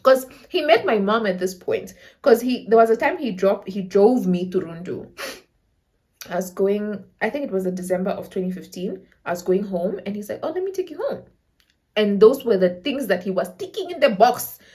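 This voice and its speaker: A young woman with a Namibian accent telling a dramatic story to camera in a casual, animated way, acting out quotes and laughing often. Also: medium pitch, normal speed. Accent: Namibian English. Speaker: storytelling vlogger.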